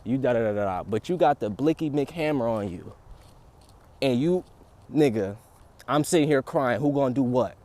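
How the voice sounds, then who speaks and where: A young man livestreaming outdoors, talking in a casual, rambling, profane and animated way, often laughing. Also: medium pitch, normal speed. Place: outdoors in a city.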